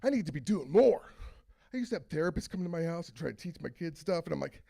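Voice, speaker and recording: Man, stand-up comic, high voice, gravelly, rambling, exasperated outbursts. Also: lively intonation, fast, warm tone. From Philadelphia. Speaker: stand-up comedian. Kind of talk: open mic stand-up set. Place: small open mic venue.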